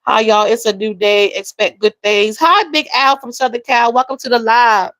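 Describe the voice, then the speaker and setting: A woman hosting a livestream, talking emotionally and softly with viewers, reading their comments and calling them y'all. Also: a little high, fairly even intonation, moderate pace, no echo, low-quality recording. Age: adult with a young daughter. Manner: emotional, soft-spoken, repeats phrases, addresses viewers as y'all and baby. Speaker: livestream host.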